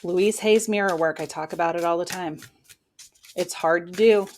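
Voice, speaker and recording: A woman's voice: fairly low pitch, normal speed, darkish tone, slight background noise. A woman giving a casual weekly tarot reading into her own microphone, talking in an encouraging, motivational way. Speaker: tarot reader and spiritual coach.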